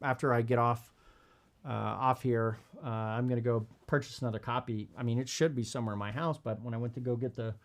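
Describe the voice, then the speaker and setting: A man hosting a podcast, talking bluntly in casual commentary while reading from a parenting book. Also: brisk. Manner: animated, blunt, swears, acts out kids in high voices. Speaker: podcast host.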